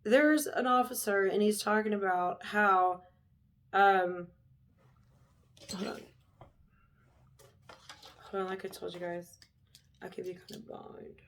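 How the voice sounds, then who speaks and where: A woman's voice: medium pitch, fairly even intonation, slow, pauses often, fairly bright tone. A young woman talks straight to her viewers in a heated, unfiltered rant. She is blunt and swears freely, with a mid-range voice in a casual vlog style. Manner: blunt, profane, heated ranting. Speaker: vlogger.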